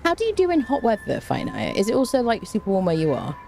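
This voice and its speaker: A woman's voice: medium pitch, wildly swooping pitch, quick pace, vocal fry, mellow, a little hiss or hum. A woman chatting casually on a gaming live stream, greeting viewers by name and making dry, self-mocking jokes. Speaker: game streamer.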